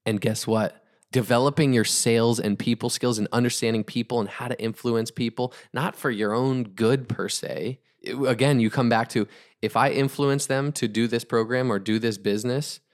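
A man giving an energetic motivational talk on sales, emphatic and repetitive, driving his points home. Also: medium pitch, moderate pace. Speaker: podcast host, entrepreneur.

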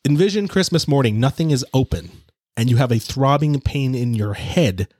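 A man in an unhurried, joking podcast chat who rambles through his stories and laughs easily. His voice sits at an ordinary middle pitch and sounds dry and close, with no room around it. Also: expressive, darkish tone, dry recording. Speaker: podcast host. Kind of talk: casual chat.

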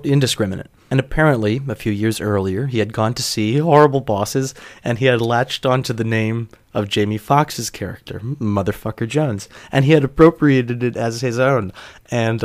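A man's voice: mid-range voice, no room sound, clean studio sound. A young man hosting a podcast, telling a personal story in a wry, self-deprecating way with casual profanity. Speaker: podcast host.

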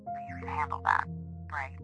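A woman acting a blunt, tough-talking advisor on a phone call in an audio drama. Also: lightly acted. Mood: urgent. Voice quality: brisk and blunt, calls the listener kiddo. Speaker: caller giving instructions over the phone. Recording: music playing under the voice.

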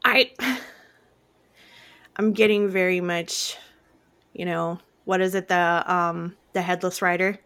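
A woman hosting a podcast in casual chat, expressive and gushing, with frequent exclamations. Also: on the low side, takes it slowly, long pauses, clear, resonant tone. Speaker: podcast host.

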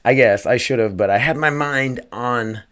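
A male podcast host talking off the cuff at a middle pitch. He rambles, swears freely and keeps tossing in "man" and "dude". His tone stays earnest and upbeat. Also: normal speed, a bit bright. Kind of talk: casual solo podcast talk.

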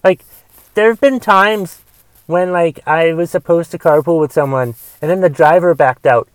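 A young man rants on his own podcast, rambling and grumbling with plenty of restarts and the odd curse. His voice sits a touch high for a man and comes across smooth and resonant. The sound is close and dry, with no room around it. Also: normal speed, no room sound. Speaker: podcast host. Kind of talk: casual solo podcast rant.

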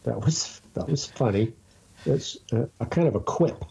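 A man's voice: mid-range voice, expressive, a little slow, gravelly, dark tone, breathy edge, lo-fi sound. A man in casual conversation who teases his friend, laughs often and rambles. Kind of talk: casual chat.

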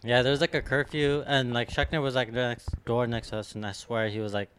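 A man's voice: mid-range voice, level tone, brisk, fairly bright tone, slight background noise. A young man chatting casually with friends, telling rambling, slangy stories. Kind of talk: casual chat among friends.

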